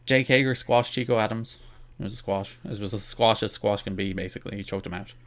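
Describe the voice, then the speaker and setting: A man co-hosting a podcast in casual chat, talking quickly and restarting his sentences often. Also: on the low side. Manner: quick, self-interrupting talk with frequent restarts. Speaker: podcast co-host.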